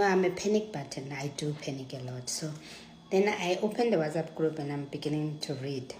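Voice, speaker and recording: A South African woman telling a personal story in a lively, dramatic way, acting out the dialogue and dropping into hushed asides. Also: low voice, a little hiss or hum. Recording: echoey room.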